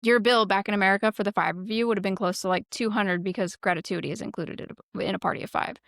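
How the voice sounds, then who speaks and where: Gravelly woman swearing through a story. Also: mid-range voice, fast, no room sound, clean studio sound. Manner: profane, animated storyteller acting out quotes. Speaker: podcast co-host. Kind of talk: casual chat.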